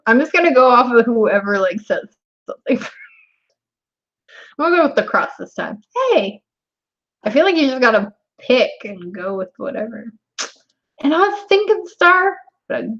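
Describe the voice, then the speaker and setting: Lively young woman chatting on stream. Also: fairly high pitch. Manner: chatty, laughs often, talks to chat. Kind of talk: casual live stream chat. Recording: dull lo-fi stream audio.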